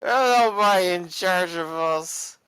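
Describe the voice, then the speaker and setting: A man's voice: high voice, takes it slowly, sharp tone, no echo, pitched above the performer's own voice, full character voice, poor audio. A man voicing a rowdy drunk man who slurs his words as he leans out a window. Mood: drunken. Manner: slurred, gruff, boozy.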